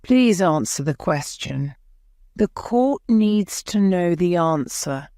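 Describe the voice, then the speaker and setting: A woman's voice: on the low side, animated, takes it slowly, warm tone, no room sound, studio quality. A woman voicing a male judge giving a firm, formal instruction.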